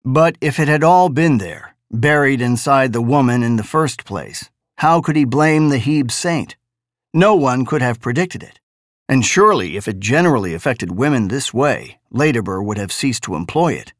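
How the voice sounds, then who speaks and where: A man reading a novel aloud as narrator, in a measured, deliberate way. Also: mid-range voice, expressive, dry recording, studio quality. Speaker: audiobook narrator.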